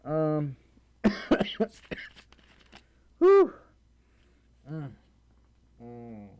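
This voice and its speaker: Young man, slightly high voice, casual livestream chatter, rambling with fillers, tired, sore throat. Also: animated, a little slow, no echo, narrow, tinny audio. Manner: rambling, many fillers, stumbles over reading. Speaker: livestreamer reading donations and chat.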